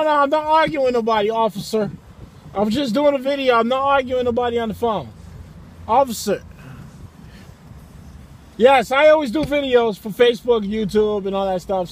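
A man records a casual vlog on his phone in an outdoor parking lot, ranting in a loud, excitable, foul-mouthed way. His voice sits high for a man, and faint outdoor noise runs behind him. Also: low-quality recording. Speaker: vlogger.

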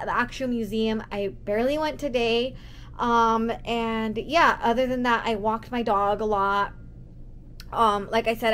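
A woman's voice: fairly high pitch, slight background noise. A woman vlogging casually outdoors on a city street at night, tired and rambling, with lots of fillers. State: tired, sore feet. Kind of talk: casual travel vlog.

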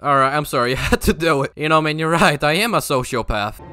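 Sarcastic, profane commentary host. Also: male voice, a little high, lively intonation, fast, pushed and bright, soft background music. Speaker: commentary YouTuber. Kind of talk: reaction commentary.

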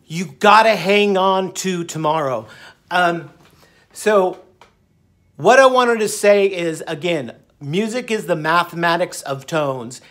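A man's voice: sits high, expressive, slow pace, fairly bright tone. A middle-aged man talking casually to camera in a rambling, upbeat way, now and then breaking into song. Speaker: vlogger. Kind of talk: casual talk to camera, with bits sung.

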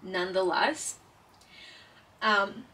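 A woman and former paramedic talking casually and earnestly while doing a jigsaw puzzle, halting with many fillers and holding back tears. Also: medium pitch, sharp tone, far from the mic, rough recording.

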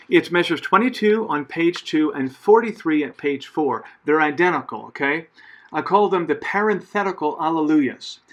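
A man's voice: fairly high pitch, fairly bright tone. A man as a choir director, giving patient spoken rehearsal notes with frequent fillers and self-corrections. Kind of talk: conducting rehearsal instructions.

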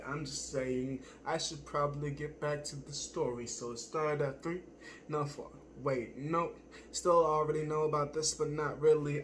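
A man with a somewhat high voice improvises a spoken-word monologue. He rambles and circles back on his thoughts, searching himself out loud. His speech is blunt and full of swearing. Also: slight background noise. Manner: rambling, profane, self-searching.

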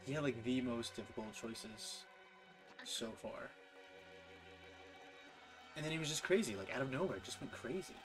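A man's voice: medium pitch, animated, moderate pace, pauses often. A man giving casual let's-play commentary, reacting with exasperation and frequent laughs. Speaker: gameplay commentator. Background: game music.

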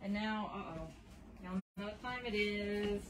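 A woman's voice: medium pitch, unhurried, noisy background. A woman with a Texan accent co-hosting a casual livestream in a cat shelter, playful and giggly, talking to the cats. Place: cat shelter room indoors.

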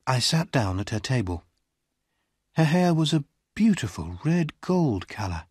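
A male audiobook narrator reads a simple story slowly and deliberately. His pitch rises and falls widely, and his voice has a slight huskiness. The sound is dry and close to the mic. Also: very animated, darkish tone, slightly rough, dry recording. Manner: slow, deliberate reading with wide swings in pitch. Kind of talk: graded-reader storytelling.

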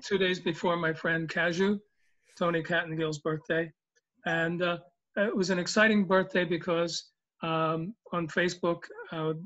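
A man's voice: a little high, fairly bright tone, lo-fi sound. A man in his seventies telling the joke of the day in a folksy, rambling way, with lots of ums and uhs. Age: 70s. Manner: folksy, rambling, with many fillers. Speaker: regular joke teller. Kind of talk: storytelling a joke.

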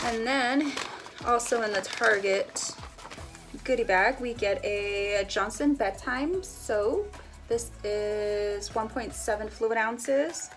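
Young female vlogger, bright and chatty, slightly high voice, faint music underneath. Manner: chatty, giggly, excited. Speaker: family vlogger. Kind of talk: casual unboxing chat.

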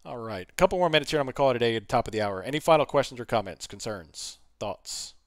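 A man hosting a casual trading livestream, his voice hoarse from talking, answering viewer questions and reading numbers off charts. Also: medium pitch, lively intonation, fast talker, no room sound, studio quality.

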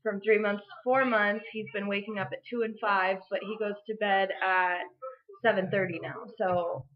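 A woman's voice: mid-range voice, steady tone, normal speed, muffled recording. A young woman and stay-at-home mom chatting casually at home in a rambling, filler-heavy vlog update. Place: home, indoors.

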